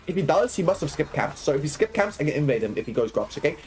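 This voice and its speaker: Faint music plays behind a young man whose slightly high, a little mellow voice swings widely in pitch. Streaming and coaching a game live, he explains each move quickly, checks in with "right?" and "okay?", and laughs along with chat.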